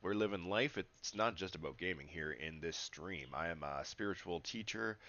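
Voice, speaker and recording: A man's voice: deep voice, normal speed, bright, forceful tone, dull audio. A man, a livestreamer who calls himself a spiritual teacher, chatting with his viewers in an upbeat, rambling way and laughing often. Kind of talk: casual livestream chat. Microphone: webcam setup.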